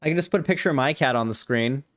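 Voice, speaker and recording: A man's voice: medium pitch, racing, fairly bright tone. Rambling male livestream host. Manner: rambling, full of fillers and restarts. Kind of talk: casual live chat.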